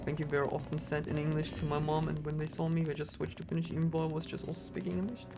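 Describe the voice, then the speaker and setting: A speedrunner with a German accent livestreams a game over background music, rambling casually to his viewers and saying "like" often. His voice is on the high side, flat, and fast.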